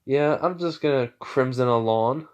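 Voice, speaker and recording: A man's voice: medium pitch, moderate pace, darkish tone, clean tone, close to an everyday voice. A man voicing a brash young man who cracks puns, speaking casually in a joking way. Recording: slightly muffled lo-fi audio.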